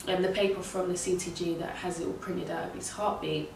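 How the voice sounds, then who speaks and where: A young woman, casually retelling a story in an animated, slangy way full of swearing. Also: on the low side, a little fast, background noise. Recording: echoey room heard from a distance.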